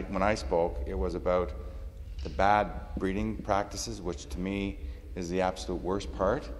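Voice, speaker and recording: A man who is an associate minister, asking an earnest question in a parliamentary debate with many fillers. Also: sits low. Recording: long hall reverb, faint room noise.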